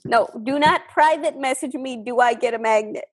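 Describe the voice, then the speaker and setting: A woman hosting a comedic call-in game show, deadpan and rambling with fillers. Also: sits high, normal speed, a little hiss or hum. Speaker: host.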